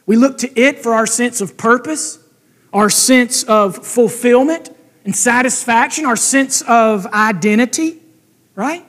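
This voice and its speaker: A pastor preaching a conversational sermon and asking the congregation direct questions. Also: male voice, very high voice, measured pace, fairly bright tone. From United States.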